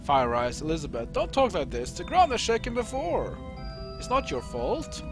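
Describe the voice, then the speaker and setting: A man playing a calm, fatherly chieftain from a retro video game, voice dropped lower than his own. He speaks steadily, with some lift in the melody over game music. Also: normal speed. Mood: tender.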